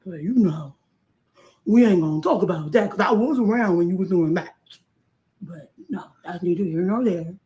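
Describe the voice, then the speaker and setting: A woman's voice: on the low side, normal speed, warm tone. Casual woman co-host making asides. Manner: casual, reacting with short asides. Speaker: podcast co-host.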